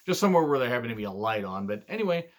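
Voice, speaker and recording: A man's voice: mid-range voice, big pitch swings, very fast. A man reviewing a wrestling show in a casual monologue, blunt and profane, drifting into digressions with lots of fillers.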